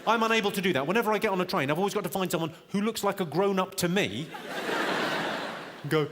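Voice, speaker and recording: A man's voice: a little high, brisk, long pauses, noisy background. Wry male stand-up comic, echoey hall. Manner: wry, punchline-driven delivery that teases the crowd. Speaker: stand-up comedian. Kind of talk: stand-up comedy routine. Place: large theatre venue with a live audience. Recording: echoey hall, loud audience laughter.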